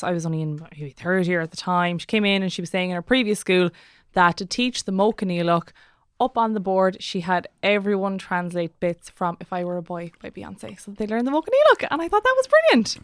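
A woman's voice: fairly low pitch, lively intonation, moderate pace, smooth, no echo. A woman co-hosting a podcast, chatting with wry asides. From Ireland. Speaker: podcast co-host. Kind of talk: casual chat.

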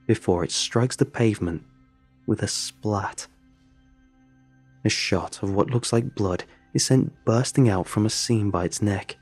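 A man reading a first-person horror story aloud in a measured, brooding way. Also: fairly low pitch, a little mellow. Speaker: narrator.

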